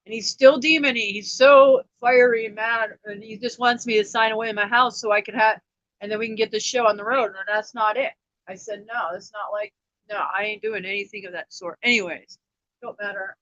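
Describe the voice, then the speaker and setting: A woman's voice: mid-range voice, fairly even intonation, fairly quick, pushed and bright, dry recording. Woman on a livestream close to tears, rambling and repeating herself, dry muffled audio. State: upset, near tears. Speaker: livestream host. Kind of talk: emotional personal livestream.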